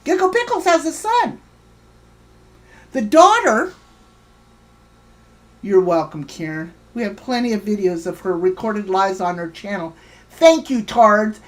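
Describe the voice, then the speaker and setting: A woman's voice: mid-range voice, big pitch swings, unhurried, pauses often. A woman hosting a livestream, ranting heatedly and swearing while greeting viewers in her chat by name. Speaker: livestream host.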